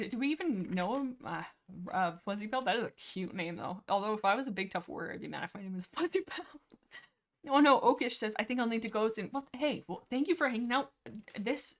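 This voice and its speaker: A woman hosting a livestream, chatting casually and rambling through a book discussion with many fillers and restarts. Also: medium pitch. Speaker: livestream host.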